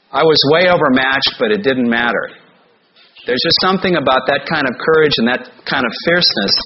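A male pastor delivers a sermon, telling a personal story in an easy conversational way, speeding up and slowing down as he goes. The recording sounds slightly dull and lo-fi, with a faint hiss in the background. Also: mid-range voice. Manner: conversational storytelling, shifting pace.

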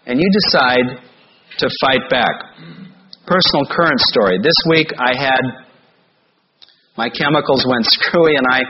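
A man's voice: medium pitch, breathy edge, dull audio. Man preaching a story-driven sermon. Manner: conversational storytelling, shifting pace. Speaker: pastor.

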